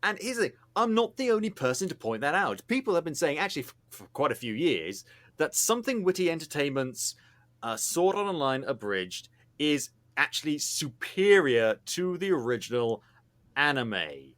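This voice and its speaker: Lively, bright-voiced man chatting on a podcast. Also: on the high side, moderate pace. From not American. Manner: animated, emphatic and teasing. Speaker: podcast co-host. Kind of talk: casual podcast chat.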